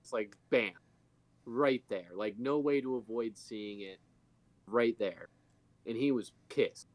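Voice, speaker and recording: A man's voice: mid-range voice, slow, dry recording. A man co-hosting a casual podcast, telling a rambling story with plenty of fillers. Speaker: podcast co-host. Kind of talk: casual chat.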